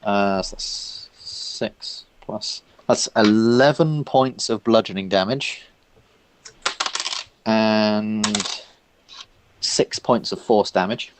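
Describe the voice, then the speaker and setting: A man's voice: lowish voice, very slow, noisy background. A man narrating as dungeon master of a tabletop game, describing scenes in loose, filler-heavy speech.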